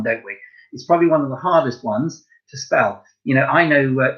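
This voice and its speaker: A man teaching a recorded home-learning lesson to young children, slow and encouraging, spelling out words letter by letter. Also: medium pitch, highs cut off. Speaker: primary school teacher.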